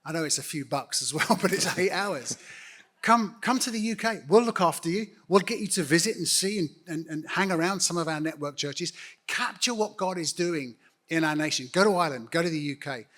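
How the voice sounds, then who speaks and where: A middle-aged man from the United Kingdom, head of a church network, gives an earnest, direct on-stage interview aimed at the congregation, appealing to them. His voice is on the high side, animated, a bit bright, and a little fast.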